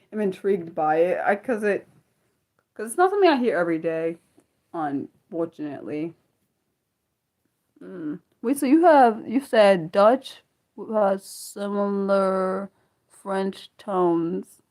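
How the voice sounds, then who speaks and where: Excitable American woman with a lively voice. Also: medium pitch. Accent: American, Maryland. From United States. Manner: excitable, apologetic, lots of restarts and self-corrections. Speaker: livestream host. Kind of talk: casual chat with chat readers.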